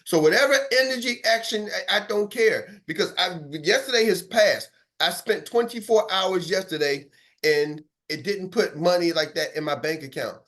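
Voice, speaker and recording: A man coaching a sales team, talking in a fired-up, animated way and acting out phone calls. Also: high-pitched, moderate pace. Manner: animated, acts out cold calls in character voices. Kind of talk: motivational sales talk.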